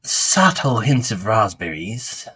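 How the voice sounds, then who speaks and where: A man voicing a posh, refined English gentleman as he tastes a drink, with a drawn-out, affected delivery. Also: fairly low pitch, lively intonation, breathy edge, full character voice. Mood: mock-refined.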